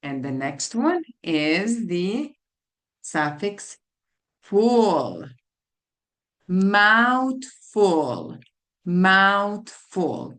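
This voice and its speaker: Woman teacher, very slow, lively up-and-down pitch, repeats words for young kids, phonics lesson. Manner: slow, deliberate, spelling out letters and repeating words. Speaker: literacy tutor.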